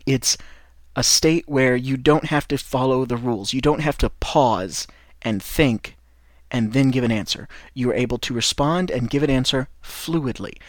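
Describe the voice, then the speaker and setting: Man, Midwestern American accent, encouraging podcast teacher, rambling with restarts, mid pitch, dry close mic. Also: moderate pace, no echo. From United States. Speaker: English teacher and podcast host. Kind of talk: podcast lesson for French learners.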